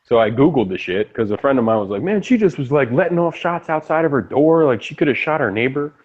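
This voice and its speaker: A young man chats over a dull, lo-fi online line, his voice rising and falling a lot as he tells a story. He swears freely and talks with animated, rambling energy. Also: mid-range voice, fast. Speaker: lobby chat regular. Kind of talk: casual chat.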